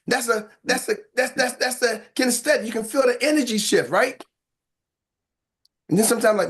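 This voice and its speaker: A man with an American accent coaching salespeople on a live call, playful and animated, acting out lines and sound effects. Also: very high-pitched, a little fast.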